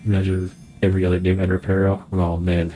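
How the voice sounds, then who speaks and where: A man's voice: sits low, completely flat delivery, fast, warm tone, soft background music. A man playing through a video game, reading in-game journal entries aloud and joking about the game, recorded at a desk mic at home. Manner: reads in-game journals aloud, then quips. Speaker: game streamer. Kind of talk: let's play commentary.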